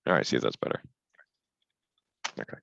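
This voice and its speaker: A man's voice: brisk, a bit bright, dry recording, muffled recording. A man teaching an online class over a headset, explaining step by step in a patient way and stressing the rules firmly.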